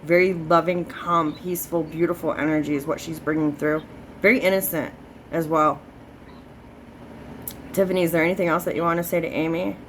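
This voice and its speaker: A woman's voice: deep voice, steady tone, fairly quick, a little hiss or hum, rough recording. A woman doing a spirit reading as a psychic medium, chatty, full of filler words and swearing freely.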